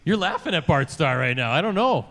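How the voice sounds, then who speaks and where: A man's voice: on the high side, brisk. A man hosting a live sports show, running trivia and introducing a guest with energy. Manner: energetic, upbeat. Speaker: host. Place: club room at a live show event. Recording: reverberant venue sound.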